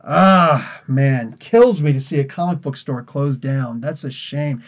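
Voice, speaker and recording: A man's voice: mid-range voice, animated, measured pace. A man from New Jersey hosting a casual comics podcast livestream, tired and rambling, laughing often. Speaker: podcast host.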